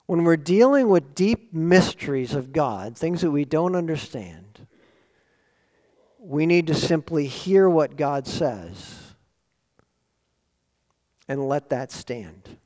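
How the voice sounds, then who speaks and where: A pastor preaching a sermon to his congregation, building emphasis with sudden loud swells on key words. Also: fairly high pitch, big pitch swings, slow pace, long pauses. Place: church sanctuary. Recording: long hall reverb.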